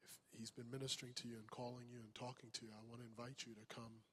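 A man leading a gentle, inviting altar call as pastor in a church. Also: mid-range voice, flat delivery, fast talker, a little hiss or hum, rough recording.

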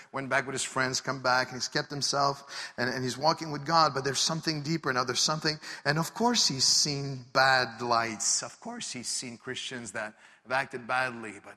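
A male pastor telling a story in a sermon, with frequent restarts and rising excitement. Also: on the high side. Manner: rambling restarts, builds to excited shouting. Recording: hall reverb.

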